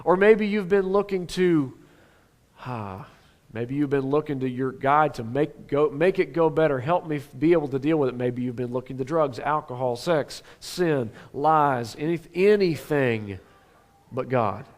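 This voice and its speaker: A man giving a sermon as a pastor, talking conversationally with rhetorical questions and dropping from animated to hushed. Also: medium pitch, unhurried.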